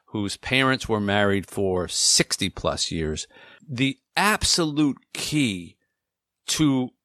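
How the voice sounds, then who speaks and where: A man in his forties co-hosting an advice talk show, speaking earnestly and slowing down to stress his key points. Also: on the low side, a bit bright, no room sound, studio quality. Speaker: co-host.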